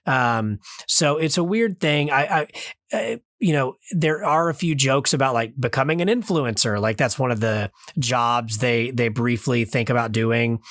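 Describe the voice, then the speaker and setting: A man in his thirties talks through a film review on a podcast in a loose, rambling way, stopping and restarting often with plenty of fillers. His voice sits at a middle pitch. It is recorded dry and close, with no room sound. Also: unhurried, fairly bright tone, dry recording. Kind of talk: casual review chat. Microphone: remote call mic.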